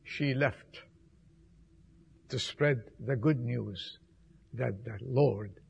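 A man preaching an Easter sermon, with emphatic repetitions, swinging between loud appeals and soft, hushed passages. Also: medium pitch, gravelly, breathy edge, highs cut off. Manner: slow, emphatic delivery with repetitions.

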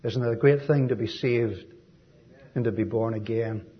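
An Irish man giving a sermon as a visiting preacher, gentle and folksy, with frequent ums and asides. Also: medium pitch, moderate pace, lo-fi sound. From Ireland.

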